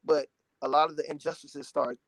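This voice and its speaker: A man's voice: on the high side, steady tone, fairly quick, noisy background. A man in his twenties from Dallas, a gospel artist talking in a casual interview, earnest and emotional with lots of "you know"s. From Dallas, Texas. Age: 20s.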